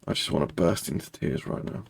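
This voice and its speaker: A man leading a guided tapping meditation, speaking slow, repetitive first-person affirmations. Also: sits low, gravelly, breathy edge.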